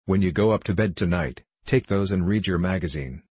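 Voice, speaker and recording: A man reading the part of an energetic, affectionate Eastern mother in a storybook. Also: low voice, fairly quick, husky, no echo. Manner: vigorous, affectionate.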